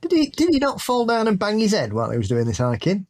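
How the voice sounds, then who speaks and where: A man's voice: sits high, wildly swooping pitch, fast talker, a little mellow. Jokey, rambling man co-host. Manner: jokey, rambling, laughs a lot. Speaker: podcast co-host. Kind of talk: casual chat.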